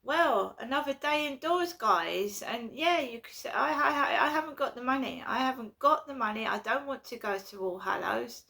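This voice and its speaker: A woman's voice: on the high side, normal speed, creaky, few pauses, sharp tone. A woman, ranting and swearing in a home vlog, repeating herself as she gets worked up. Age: 50s. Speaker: vlogger. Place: at home indoors.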